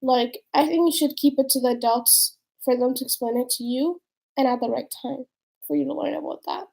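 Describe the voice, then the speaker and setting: Chatty young woman with a high voice. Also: steady tone, a little fast, creaky, a little mellow. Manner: chatty, giggly storytelling. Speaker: co-host, younger sister. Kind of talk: casual chat.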